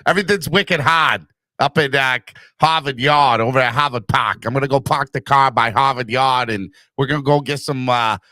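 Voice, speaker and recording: A man's voice: mid-range voice, normal speed, bright, forceful tone, dry recording, lightly acted. A man putting on a brash Boston local with a Boston accent, drawling and swaggering. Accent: Boston, put on. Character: brash male Boston local grabbing coffee.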